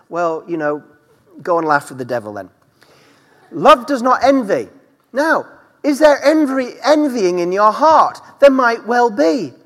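A man's voice: sits high, a bit bright. A man preaching a sermon as pastor, with emphatic delivery that rises and falls. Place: church. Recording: church hall reverb.

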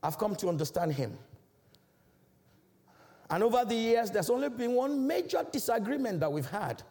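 A church elder from Africa preaches a sermon in a large church, emphatic and declamatory, his pitch swelling dramatically. His voice is a little mellow, with big pitch swings, at a normal speed.

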